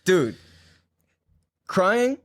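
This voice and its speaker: A young man hosts a podcast in a high-pitched voice at an extremely slow pace, the sound clean studio quality with no room sound. He chats casually and tells animated, profane stories packed with fillers and many "like"s.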